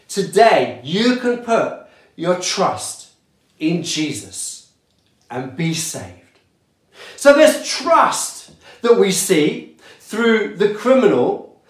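Slow, deliberate preacher in an echoey room. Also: mid-range voice. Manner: slow, deliberate preaching with falling emphasis on key words. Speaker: pastor. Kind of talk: sermon.

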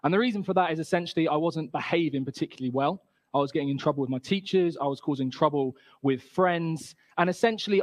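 A man tells a personal story to a gathering in a relaxed, chatty manner, acting out the other people's lines. His voice sits a little higher than most men's. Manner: casual, chatty, with fillers and acted-out quotes.

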